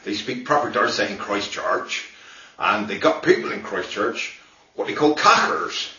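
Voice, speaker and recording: A British man gives a playful, mock-lecturing comic tour of accents. His voice is bright and his pitch rises and falls a lot. The room is echoey and the sound is muffled. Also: big pitch swings, unhurried, far from the mic. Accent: British English. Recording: roomy, dull lo-fi 2008 video.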